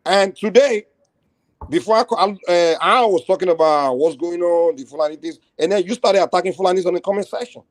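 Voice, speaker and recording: A man's voice: high-pitched, fairly quick, no echo. A man from Nigeria hosting a heated online panel debate, blunt and combative, who cuts in and repeats himself to hold the floor.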